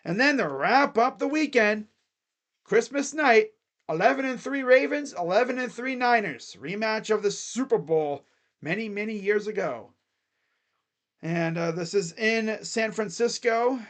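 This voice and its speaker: A man hosting a football picks video, talking casually and excitably and thinking out loud. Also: sits high, unhurried. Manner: rambling, excitable, thinks aloud. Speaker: sports picks channel host.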